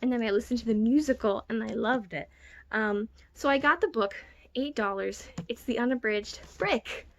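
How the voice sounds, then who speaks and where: A young woman with a fairly high voice talks casually to the camera from her bedroom. She is chatty and self-mocking, with quick giggly asides. The sound comes from a phone recording at home. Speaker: book vlogger. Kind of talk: casual vlog chat.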